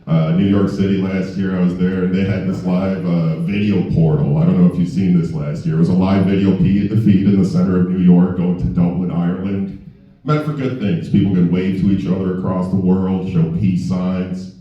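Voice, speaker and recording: A man's voice: low voice, fairly even intonation, moderate pace, heavy reverb, distant mic, highs cut off. A man performing a stand-up comedy set at a comedy club, chatting and asking the crowd questions. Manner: conversational, asks the crowd questions.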